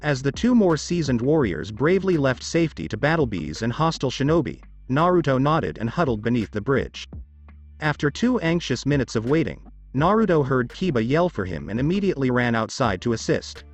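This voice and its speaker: A man's voice: medium pitch, sing-song, fairly quick, faint music behind. A man reading a story as scripted narration, with small shifts of voice for quoted children.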